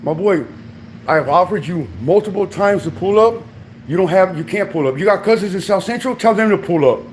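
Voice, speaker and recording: A man, ranting confrontationally into a livestream with a fairly high-pitched voice. He speaks in heated, repetitive bursts and keeps calling his target dog and my boy. Faint noise sits under his voice. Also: lively intonation, a little fast.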